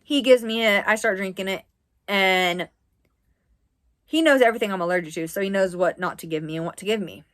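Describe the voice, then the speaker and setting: A woman's voice: mid-range voice, fairly quick, fairly bright tone. Woman, twenties, from the US East Coast: a chatty, rambling vlog storyteller who leans on "like" as filler. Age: 20s. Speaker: vlogger. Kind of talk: casual story time.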